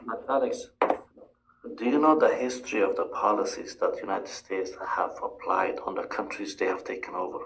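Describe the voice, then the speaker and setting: A man calling in to a live stream, arguing his point in a halting way and repeating words. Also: deep voice, fairly bright tone, rough recording. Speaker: guest caller.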